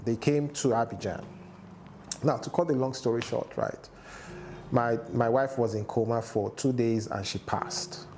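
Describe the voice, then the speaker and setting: A man of middle pitch tells a painful family story, speaking haltingly and restarting his sentences as emotion takes hold. His voice climbs when he is distressed. A faint hiss of background noise sits under the recording. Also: darkish tone. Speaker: interview guest. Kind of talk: emotional personal testimony.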